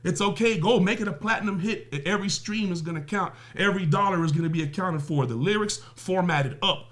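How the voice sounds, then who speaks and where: In a high, fairly bright voice at a fairly quick clip, the music business guest holds forth on a podcast. He's emphatic and foul-mouthed, firing rhetorical questions and everyday comparisons.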